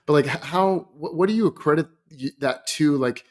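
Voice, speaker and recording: Halting young man hosting a podcast. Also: a little high. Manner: halting, searches for words. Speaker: podcast host. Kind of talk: casual interview.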